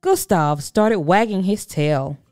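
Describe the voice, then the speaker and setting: A woman reading a children's picture book aloud in an expressive, animated storytelling voice. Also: on the low side, takes it slowly, smooth, no room sound, clean studio sound, soft background music.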